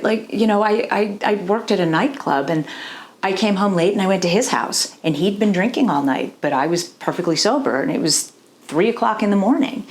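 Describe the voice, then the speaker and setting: Woman, relationship coach, direct-to-camera vlog; earnest, confiding, keeps checking in with the viewer; mid-pitched voice. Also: a little mellow. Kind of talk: candid personal talk to camera.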